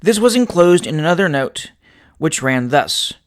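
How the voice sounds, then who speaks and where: An audiobook narrator, a man with a fairly high pitch, reads a classic novel aloud. His storytelling is measured and expressive.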